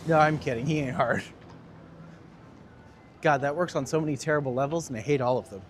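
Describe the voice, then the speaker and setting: Walking city streets outdoors, a man hosts a live walking-tour stream, chatting, joking and answering viewers' chat. His mid-range voice moves a little fast, with slight background noise.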